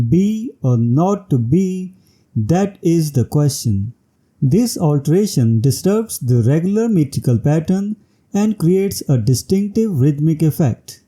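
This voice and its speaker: A man's voice: a little high, mellow. A man reading a scripted English literature lecture in a formal manner, announcing each section heading.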